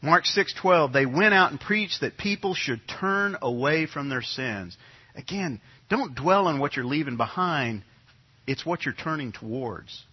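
A man's voice: medium pitch, slightly rough. A middle-aged man from New York preaching a sermon as pastor, talking in a conversational way and repeating his key phrases. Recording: dull lo-fi sound.

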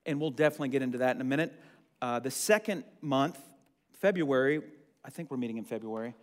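A young man with a medium-pitched, animated voice talks fast as he leads a church roundtable discussion, teaching the group casually in a chatty, friendly way full of ums. The meeting room carries a long reverb.

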